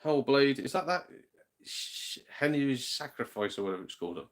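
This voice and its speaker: A gaming channel host with a British English accent chats casually on a live stream from home. His medium-pitched voice is expressive and moves at normal speed as he rambles, swears mildly and reacts to viewer comments.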